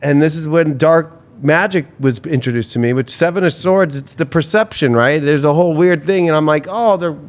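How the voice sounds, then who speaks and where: Guy w/ a slightly high voice ranting and swearing, stumbling over words on a chill podcast. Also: brisk, few pauses. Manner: profane, rambling storyteller with many restarts. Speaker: tarot reader and co-host. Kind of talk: casual podcast chat.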